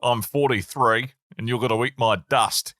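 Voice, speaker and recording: A man's voice: mid-range voice, fairly even intonation, moderate pace, fairly bright tone, no echo, clean studio sound, close to an everyday voice. A British man voicing a brash, joking Australian bloke with a broad, cheeky drawl and an Australian accent. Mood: cocky.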